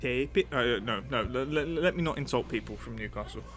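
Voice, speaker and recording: Male streamer, mid-pitched, wandering casual chat over soft game music. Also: fairly quick.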